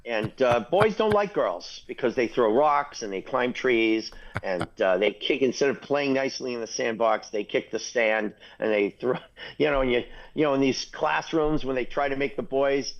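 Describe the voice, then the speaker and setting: A man's voice: mid-range voice, expressive, moderate pace, highs cut off. An older man hosting a talk radio show, blunt and opinionated, chuckling at his own jokes.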